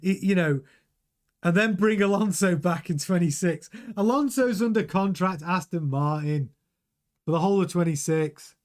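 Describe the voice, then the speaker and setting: This is a middle-aged man hosting a live stream at normal speed, his voice high-pitched. Chatty and animated, he reads the chat while looping back on words and restarting his thoughts.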